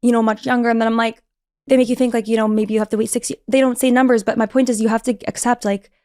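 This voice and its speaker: Young woman podcast guest, animated chatty storyteller, dry close mic. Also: fairly high pitch, no echo. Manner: fast, animated storytelling with many fillers. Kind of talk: casual interview talk.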